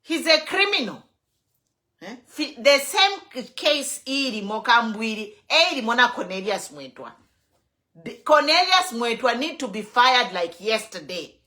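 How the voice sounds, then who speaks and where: A woman's voice: a little high, big pitch swings, unhurried, sharp tone. A Zambian woman hosting an online show, giving fiery political commentary full of rhetorical questions, moving between English and Bemba.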